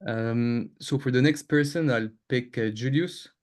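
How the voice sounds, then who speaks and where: Halting man with constant fillers. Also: mid-range voice, a little mellow. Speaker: research developer. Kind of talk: casual self-introduction on a video call. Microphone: video call.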